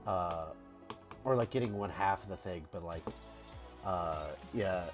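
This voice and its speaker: A man's voice: sits low, a little slow, music in the background. A man with a head cold chatting casually on a game stream, rambling and repeating words as he restarts sentences. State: congested from a cold. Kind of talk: casual live-stream chat.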